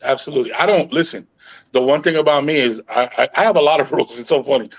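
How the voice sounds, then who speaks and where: A middle-aged man hosting a podcast, telling stories in a calm, even tone with frequent "yo" and swearing. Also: mid-range voice, fast talker, lo-fi sound. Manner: calm, even-tempered storytelling with frequent "yo" and profanity. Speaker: podcast host. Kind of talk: casual podcast chat.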